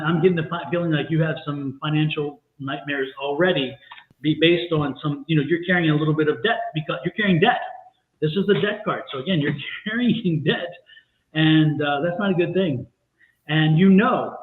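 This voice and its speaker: A man giving tarot readings on a live stream, stressing points by repeating phrases. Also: fairly high pitch. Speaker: tarot reader. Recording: echoey phone-like live-stream audio.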